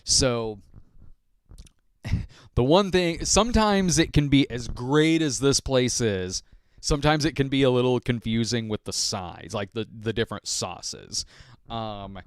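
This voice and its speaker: A man's voice: medium pitch, a little slow, smooth, no room sound, clean studio sound. Chuckling man rambling on a podcast. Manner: rambling and chuckly, laughs often. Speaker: podcast host. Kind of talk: casual solo podcast chat.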